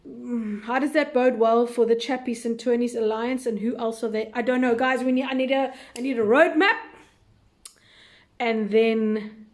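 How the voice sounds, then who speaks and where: A woman with a slightly high voice hosts a live recap chat. She thinks aloud with plenty of fillers and admits she is unsure as she answers viewers' questions. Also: steady tone, normal speed.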